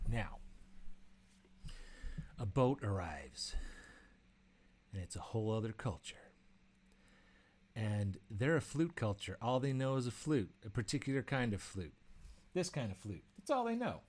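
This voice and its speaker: A man, an author and educator, explaining ideas through personal stories in a relaxed spoken lesson, with fillers and restarts and lively bursts when he acts out quoted speech. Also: on the low side, measured pace, long pauses. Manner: animated storytelling, acts out quoted outbursts; conversational, with frequent fillers and restarts.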